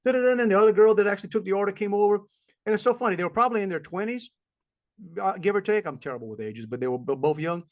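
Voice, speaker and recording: A middle-aged man co-hosts a casual podcast. His voice sits a bit high for a man. He rambles from one story to the next and slips into voices for the people he met. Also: rapid-fire. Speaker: podcast co-host. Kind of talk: casual chat.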